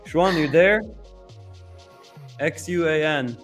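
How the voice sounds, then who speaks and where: Man, co-host, somewhat high voice, laughs a lot, quick casual chatter, faint music behind. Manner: laughing, excitable, calls names out quickly. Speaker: co-host running a giveaway. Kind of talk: casual live-stream chat.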